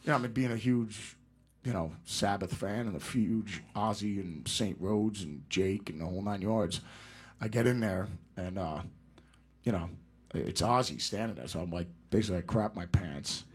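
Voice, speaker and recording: A middle-aged man, a musician, telling rambling anecdotes in a casual interview, laughing often and slipping into quick impressions. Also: sits low, slightly rough. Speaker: guest musician.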